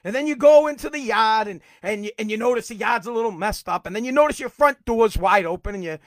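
A middle-aged man hosting a podcast, delivering a heated, profane political rant that sometimes rises to shouting. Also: sits high, fast, no echo, clean studio sound. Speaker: podcast host.

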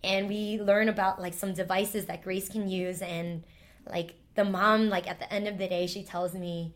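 A woman's voice: medium pitch, level tone, moderate pace. A woman, a former teacher, telling a heartfelt personal story in an interview, emotional and full of "like" fillers.

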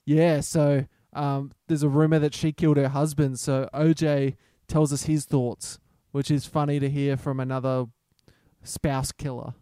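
Mellow man trading deadpan quips. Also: mid-range voice, unhurried, smooth, dry recording. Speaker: podcast co-host. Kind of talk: crude casual banter. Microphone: remote call mic.

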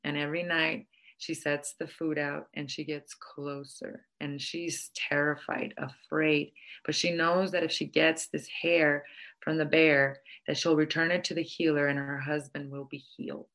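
A woman's voice: low voice, level tone, unhurried, fairly bright tone. A woman telling a folk tale aloud and drawing an earnest, reflective lesson from it. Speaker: storyteller. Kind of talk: oral storytelling with a moral lesson.

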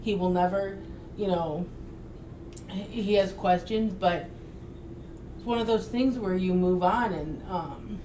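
A woman's voice: fairly low pitch, slow pace, pauses often, dark tone, echoey room, recorded from a distance, slight background noise, rough recording. A woman guest in a casual political chat, talking earnestly and telling personal stories. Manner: earnest, storytelling.

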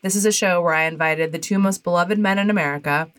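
A woman's voice: lowish voice, fast, a bit bright. A woman hosting a music podcast, chatting casually, laughing often and rambling with lots of "like"s. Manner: giggly, rambling with many "like"s. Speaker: podcast host. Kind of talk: casual chat.

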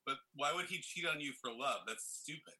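Young man with a very bright voice. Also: fairly high pitch, fairly quick, slightly rough. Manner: wry, explains things, laughs often. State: mouth burning from hot sauce. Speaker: podcast co-host. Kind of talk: casual chat with friends.

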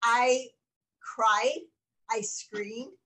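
High-pitched lady hosting her podcast, gushing and animated, lots of thank yous. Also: extremely slow, low-quality recording. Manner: effusive, animated storyteller. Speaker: podcast host. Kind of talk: casual interview chat.

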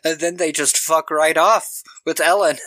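A man's voice: fairly high pitch, fairly even intonation, moderate pace, pushed and bright, dry recording. A man co-hosting a podcast, casually recapping a film scene by scene, laughing often and acting out lines from the movie. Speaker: podcast co-host.

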